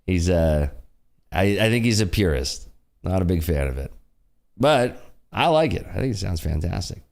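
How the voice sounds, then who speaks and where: A young man with a deep, gravelly voice chats casually on a trading livestream. He reads viewer comments aloud and jokes around, and his pitch swings widely from low grumbles up to excited highs. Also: a little slow, pauses often. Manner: jokey, reads chat aloud, laughs often. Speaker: livestream host.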